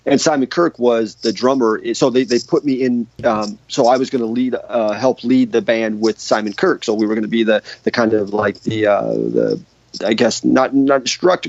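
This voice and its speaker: A man's voice: medium pitch, expressive, moderate pace, vocal fry, a little mellow, no room sound. A man, a guitarist, telling stories in a casual interview, rambling with many restarts and fillers. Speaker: guest guitarist. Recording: dull lo-fi dry sound.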